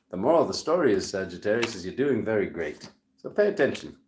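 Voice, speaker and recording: A man's voice: on the low side, sing-song, fast talker, a little mellow, slight background noise. Joking Rhode Island man in a roomy echo. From Rhode Island, USA. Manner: rambling, joking asides. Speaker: tarot reader. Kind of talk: casual tarot reading vlog.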